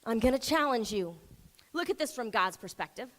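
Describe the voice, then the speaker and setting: Woman pastor, high bright voice, emphatic sermon that sinks into hushed prayer. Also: animated, moderate pace. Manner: emphatic preaching that drops to soft prayer.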